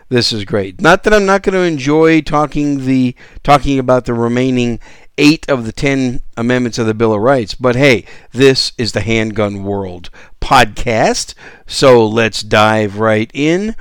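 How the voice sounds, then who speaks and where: Enthusiastic podcast host, crisp voice. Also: male voice, mid-range voice, dry recording, studio quality. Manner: enthusiastic, conversational, with restarts. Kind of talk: solo podcast monologue.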